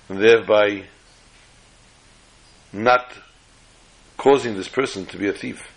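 A Torah teacher delivers a class lecture, walking through the material step by step and frequently restarting or rephrasing mid-sentence, with jokes thrown in as illustrations. His voice sits on the low side with fairly even intonation and a moderate pace, broken by frequent pauses. The recording is rough.

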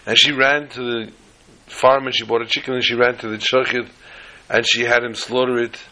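A male religious teacher delivers a sermon through a told story. He is animated and emphatic, stacking up repeated phrases as he goes. His voice is bright and forceful at an ordinary middle pitch. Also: normal speed, rough recording.

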